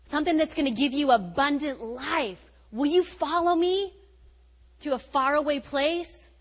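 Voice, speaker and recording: Animated woman preacher, bright and lively. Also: a little high, in a large hall, poor audio. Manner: animated, laughing storytelling; shifts between loud emphasis and soft, quiet lines. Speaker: guest speaker at a retreat. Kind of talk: sermon.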